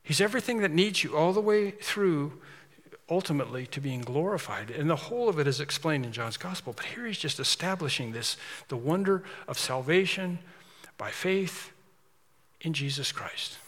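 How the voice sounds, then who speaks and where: Male preacher, slightly high, bright forceful voice, emphatic sermon delivery with long hall reverb. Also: expressive, normal speed. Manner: emphatic, repetitive preaching with rising intensity.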